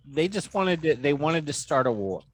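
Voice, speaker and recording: A man co-hosting a casual podcast, swearing freely and jumping high for quoted voices. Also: moderate pace, slight background noise. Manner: animated, swearing, jumps pitch for quoted voices. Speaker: podcast co-host.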